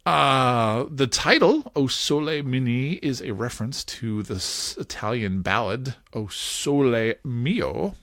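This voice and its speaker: A male podcast host chatting casually into a close mic, in a very dry, dead room. His pitch swings widely as he talks, and he laughs easily in an upbeat, playful way. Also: lively intonation, unhurried, few pauses, fairly bright tone, dry recording.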